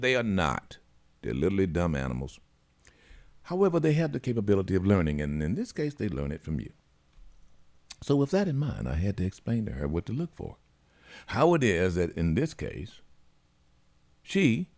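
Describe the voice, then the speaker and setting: A man hosting a radio talk show, telling stories in a lively way and acting out the people in them. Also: lowish voice. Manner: animated storytelling, acts out the people in his stories. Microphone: studio mic.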